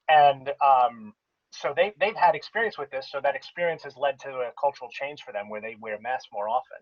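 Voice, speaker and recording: A man's voice: mid-range voice, breathy edge, no echo, highs cut off. A man co-hosting a podcast, explaining things at length in casual chat with many restarts. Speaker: podcast co-host.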